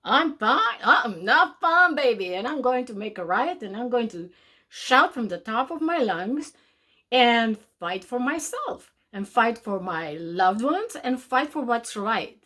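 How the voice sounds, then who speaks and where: A woman speaks to her viewers in a slow, drawn-out way. Her voice sits a little high, and she slips into mocking voices of the people who tell others to be quiet. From from outside North America. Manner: animated, mocking voices of naysayers, calls listener darling. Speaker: spiritual show host. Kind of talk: motivational talk to camera.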